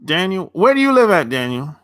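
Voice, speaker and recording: Animated man rambling on a live stream. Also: high voice, a little fast, no echo, studio quality. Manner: loose, rambling, repeats words, swears casually. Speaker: dating coach answering live chat. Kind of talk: casual live-stream chat.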